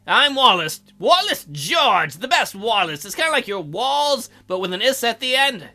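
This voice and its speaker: Young man, let's play host, crude and playful, sharp bright tone. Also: very high-pitched, very animated, normal speed, few pauses, soft background music. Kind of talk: joking game commentary.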